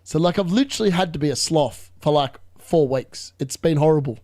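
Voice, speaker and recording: High-voiced, excitable young man streaming live. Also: fairly quick, dry recording, clean studio sound. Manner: excitable, chatty, reacting to live scores. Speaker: fantasy football livestream host. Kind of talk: live watchalong commentary.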